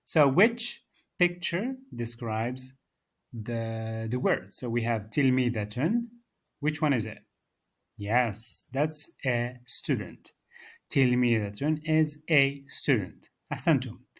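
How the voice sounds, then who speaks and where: Male language teacher, husky voice, very slow and patient delivery, drills words for repetition. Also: mid-range voice, lively intonation. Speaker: Arabic teacher. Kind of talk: slow beginner language lesson.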